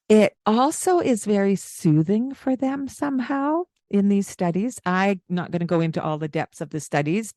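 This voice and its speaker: A woman co-hosting a parenting podcast, explaining things calmly in casual chat. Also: no room sound, studio quality. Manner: explains calmly, demonstrates baby talk with high sing-song bits.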